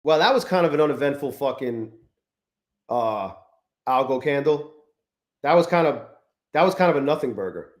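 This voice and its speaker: A man's voice: mid-range voice, lively intonation, moderate pace, pauses often, roomy sound. A man hosting a live stream, chatting casually and profanely, rambling and greeting viewers in the chat. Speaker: livestream host.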